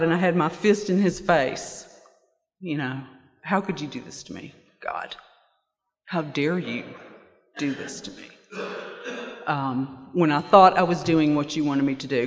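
A woman sharing her personal testimony at a recovery meeting, halting and pausing often with fillers. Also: lowish voice. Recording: reverberant hall.

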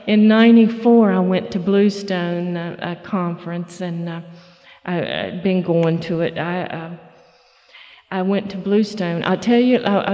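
A middle-aged woman telling her recovery story at a meeting, folksy and halting, full of fillers and restarts. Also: lowish voice, mellow, big-room sound, highs cut off. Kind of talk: personal testimony talk.

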